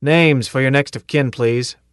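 A man's voice: mid-range voice, measured pace, smooth, no echo, clean studio sound, lightly acted. A man voicing a tough, cocky male drill sergeant who barks and taunts his recruits in an audiobook. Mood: taunting. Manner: barking, taunting commands.

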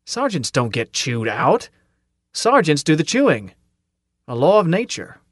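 A man reading first-person audiobook narration in a steady, measured way. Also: fairly high pitch, dry recording, clean studio sound.

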